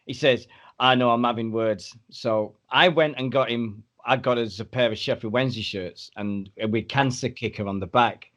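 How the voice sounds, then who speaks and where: Man, podcast host, animated storytelling, mid-pitched voice. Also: moderate pace. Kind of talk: casual anecdote chat.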